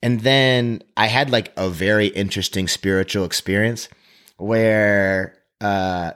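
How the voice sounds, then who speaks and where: Man, lowish voice, casual storyteller, animated and profane. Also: unhurried, clean tone. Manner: animated, profane, acts out quotes.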